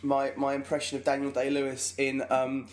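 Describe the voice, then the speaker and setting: A man's voice: medium pitch, monotone, fairly quick. A young man co-hosting a podcast, chatting casually, rambling and self-mocking, often laughing at his own jokes. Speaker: podcast co-host. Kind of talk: casual comedic chat.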